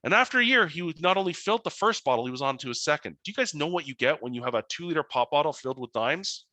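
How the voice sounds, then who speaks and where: A man's voice: fairly high pitch, fast talker, no room sound. A man, a financial educator telling anecdotes in an online webinar presentation. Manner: animated anecdotal storytelling.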